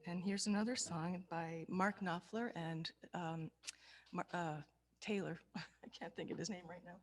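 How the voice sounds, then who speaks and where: A woman, a folk musician, chatting casually between songs at an online concert, soft-spoken and hesitant with many ums and restarts. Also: fairly low pitch, steady tone, a little slow, slight background noise. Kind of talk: casual between-song chat at a virtual concert. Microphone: video call.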